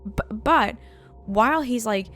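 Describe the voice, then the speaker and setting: A woman co-hosting a game let's play, telling a profane, animated anecdote in a casual chat style. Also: fairly high pitch, slow, faint music behind. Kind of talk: casual storytelling while gaming.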